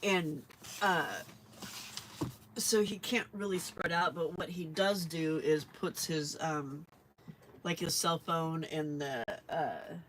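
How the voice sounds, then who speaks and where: A chatty woman hosting a relaxed crafting livestream. She rambles in a friendly, casual way, often laughs, and answers viewers as she works. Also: deep voice, slow, slight background noise. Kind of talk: casual chat while crafting.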